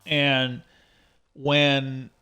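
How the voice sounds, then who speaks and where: A man's voice: medium pitch, level tone, extremely slow, bright, forceful tone, clean tone. Rambling, cursing middle-aged man. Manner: rambling, swears freely. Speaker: livestream host. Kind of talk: casual livestream chat.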